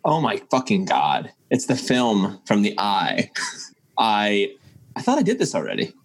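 Low-voiced man playing a tabletop game. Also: a little slow. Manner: animated, describes actions in first person. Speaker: player. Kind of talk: tabletop role-play.

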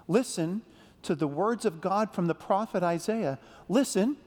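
A man giving a playful children's sermon, telling a story gently and asking the kids questions. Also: high-pitched, expressive, a little slow. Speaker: pastor leading a children's message. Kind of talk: children's sermon with call-and-response. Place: large church sanctuary. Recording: long reverb of a big sanctuary.

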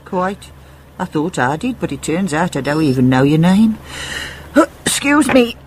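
An actress with a Black Country accent playing a sharp-tongued woman who needles an old acquaintance, in an audio drama. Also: low voice, sing-song, measured pace, slight background noise. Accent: Black Country (Sedgley). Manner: dry, needling, pointed.

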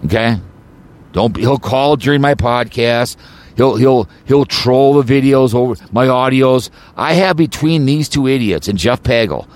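A man's voice: medium pitch, lively intonation, normal speed. A man hosting his own podcast, delivering an agitated, rambling rant full of repeats and stumbling restarts. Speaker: podcast host.

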